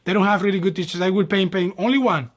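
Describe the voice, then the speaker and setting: A high-pitched, fast-talking young man, a ballet dancer from New York who runs a channel, chats casually and with plenty of animation. He acts out dialogue and calls his viewers "my people."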